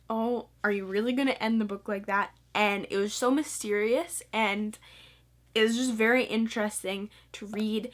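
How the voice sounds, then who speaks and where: A woman's voice: a little high, fairly bright tone. A teenage girl chatting in a casual, gushing way about books she read, with lots of "like" fillers. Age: teen. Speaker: book vlogger. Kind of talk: casual book review vlog.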